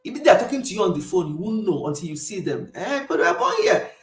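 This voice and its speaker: A woman's voice: medium pitch, big pitch swings, quick pace, soft background music. Chatty Nigerian woman in an echoey room. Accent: Nigerian Igbo. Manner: chatty, emphatic, laughs often. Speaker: livestream host. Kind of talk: casual chat with live viewers. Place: home in the UK.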